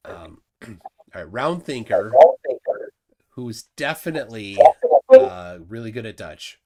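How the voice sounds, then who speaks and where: A man's voice: on the low side, big pitch swings, slow, dark tone. A man hosting a live stream in casual chat, rambling with many restarts and fillers. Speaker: livestream host.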